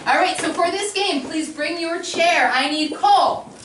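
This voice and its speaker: A woman hosting a children's improv showcase, upbeat and giving quick instructions to performers. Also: very high-pitched. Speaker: improv teacher and show host. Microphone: distant room recording. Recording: echoey hall, distant, loud noise and crowd.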